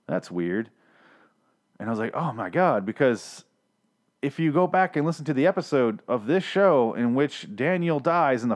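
A man hosting a podcast, recapping a TV episode in a casual, rambling way, swearing often and laughing at himself. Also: mid-range voice. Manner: animated, swears a lot, laughs at himself, mimics characters. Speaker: podcast host recapping a TV show.

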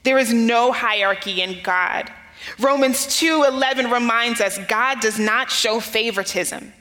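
A woman's voice: on the high side, measured pace, sharp tone. A woman pastor from the United States preaching a sermon, telling a personal story with earnest emphasis. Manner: earnest storytelling, rising emphasis on key phrases. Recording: long hall reverb.

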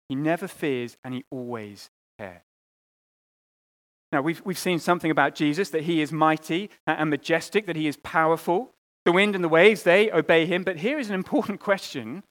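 Preaching in a voice on the high side, a man delivers an earnest sermon, often repeating words. His delivery rises into loud appeals and drops into quiet, hushed lines.

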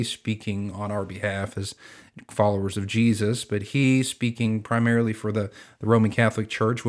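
A man hosting a podcast teaching Bible Greek, earnest and measured, slowing down to quote scripture. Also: fairly low pitch.

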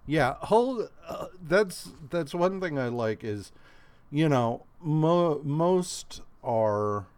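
Slow, unhurried man in podcast chat. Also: fairly high pitch, animated, darkish tone, smooth. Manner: unhurried, hesitant with fillers. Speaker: podcast co-host. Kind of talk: casual chat recapping a comic.

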